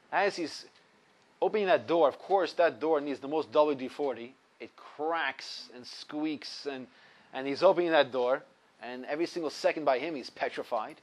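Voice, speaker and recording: A man teaching a religious ethics lesson, telling a story animatedly with big swings between loud and soft. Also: fairly high pitch. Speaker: Torah teacher.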